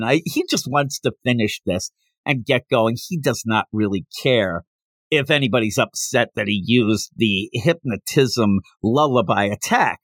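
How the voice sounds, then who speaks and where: Animated man recapping a manga chapter. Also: medium pitch, normal speed, no echo, studio quality. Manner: animated retelling with bursts of put-on character voices. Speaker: podcast host.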